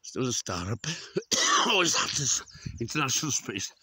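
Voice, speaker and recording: A man's voice: medium pitch, very animated, normal speed, sharp tone, husky, dry recording. A man in his sixties, out of breath while climbing a hillside outdoors, talking casually and swearing a lot. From Wales. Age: 60s. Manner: exclaiming, swearing often. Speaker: vlogger. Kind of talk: casual walking commentary.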